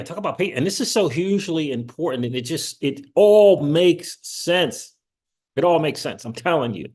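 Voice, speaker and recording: A man hosting his own online channel, talking in a loose, rambling way, laughing often and rising in pitch when he gets excited. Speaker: crypto channel host. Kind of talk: casual livestream commentary.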